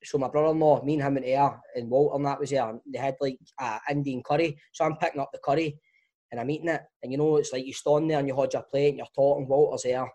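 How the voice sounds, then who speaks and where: A man's voice: medium pitch, steady tone, fast talker, mellow. A Scottish man chatting casually and chipping in jokes and stories. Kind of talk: casual chat.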